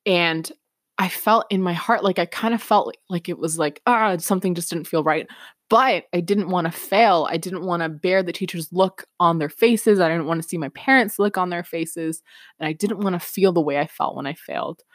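A woman with a fairly low voice tells a personal story on her podcast, candid and reflective, with plenty of casual "like"s. The sound is close and dry, with no room around it. She steers the story toward gentle motivational encouragement. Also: normal speed, no echo. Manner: candid, reflective, chatty with many "like"s. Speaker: podcast host.

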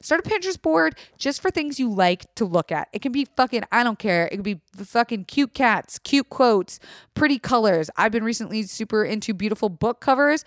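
Excitable, foul-mouthed young woman host. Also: fairly high pitch, brisk, no room sound, studio quality. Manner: profane, excitable, chatty. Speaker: podcast host. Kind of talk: casual solo podcast talk.

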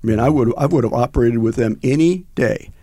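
A man's voice: medium pitch, brisk, mellow, dry recording, studio quality. An older man, a veteran, recounting his war experiences in a rambling, conversational interview with frequent fillers and restarts. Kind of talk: conversational recollection.

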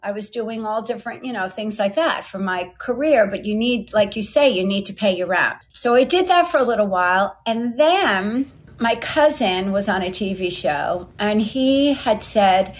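A woman's voice: mid-range voice, moderate pace. Give me a chatty middle-aged woman as an interview guest, telling a story and acting out the lines of the people in it. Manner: chatty, lively storyteller acting out quoted voices. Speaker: guest, company founder.

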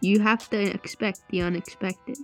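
Deadpan young woman podcast guest. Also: mid-range voice, moderate pace, soft background music. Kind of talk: casual chat.

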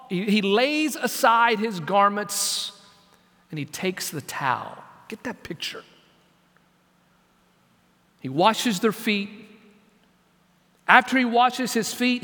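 A man preaching as senior pastor, dramatic, dropping to a hush and then rising to loud, pleading questions. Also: high voice, long reverb tail. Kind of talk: sermon.

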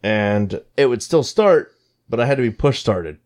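A man in casual chat, telling stories in an animated, profane way. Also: mid-range voice, normal speed.

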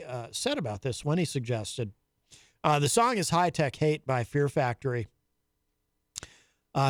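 A man's voice: medium pitch, no room sound, clean studio sound. A man hosting a live talk radio show, teasing his co-host and laughing easily. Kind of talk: casual talk radio banter. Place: radio studio.

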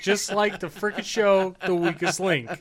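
A man's voice: high-pitched, steady tone, moderate pace. A man in casual podcast chat, blunt and laid-back, plugging the show. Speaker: podcast co-host.

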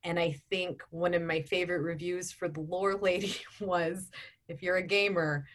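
A woman's voice: lowish voice, fairly even intonation, normal speed. A woman in her forties, an audiobook narrator and voice actor, talking in a chatty interview with frequent ums and restarts. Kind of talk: casual interview chat.

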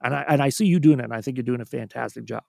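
Guy in his 30s, podcast guest: heavy vocal fry, talkative, dry close mic. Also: medium pitch, rapid-fire, dry recording. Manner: warm, chatty, laughs often. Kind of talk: casual chat.

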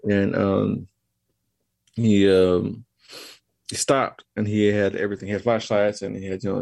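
A man with a low, gravelly voice tells a story casually as a podcast guest. He retells events in a halting, meandering way. The sound is dry and close. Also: flat delivery, a little mellow, dry recording, soft background music.

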